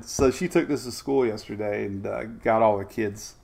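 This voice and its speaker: A man's voice: lowish voice, moderate pace, gravelly, hardly any pauses, darkish tone. An older man hosting a casual weather show, chatty and rambling with homey asides.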